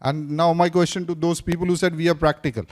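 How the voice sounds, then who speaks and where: A man with a fairly high voice leads a classroom lesson, firing questions at his audience and circling back to the same point. He talks to the room in a teacherly, probing way. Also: little pitch movement, quick pace, darkish tone. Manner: questions the audience, repeats points, switches briefly into Hindi. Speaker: speaking coach teaching a class. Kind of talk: interactive classroom lecture.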